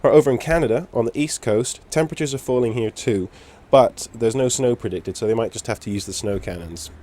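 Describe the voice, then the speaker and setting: A man presenting the snow forecast in a relaxed, casual way, with a few "uh"s. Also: mid-range voice, brisk. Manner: relaxed, filler-heavy delivery.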